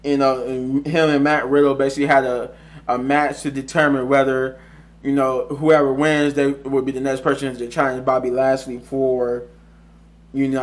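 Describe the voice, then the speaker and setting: A man talking through a show recap in a loose, rambling way, often restarting and correcting himself mid-sentence. His pitch sits in an ordinary middle range but barely moves, giving the recap a flat, even tone. He chuckles now and then as he goes. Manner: chuckles often while recounting. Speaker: wrestling show reviewer. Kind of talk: casual solo review recap.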